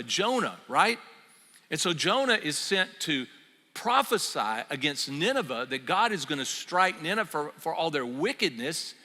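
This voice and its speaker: An older man preaching a sermon, telling the story in a lively, conversational way. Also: on the high side. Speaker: pastor. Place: church sanctuary. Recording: reverberant church hall.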